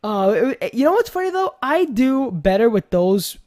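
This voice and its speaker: A man's voice: extremely high pitch, very animated, normal speed, darkish tone. Rambling young man with a New York accent. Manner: rambling, swears freely, repeats himself. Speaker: podcast host. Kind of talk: casual chat.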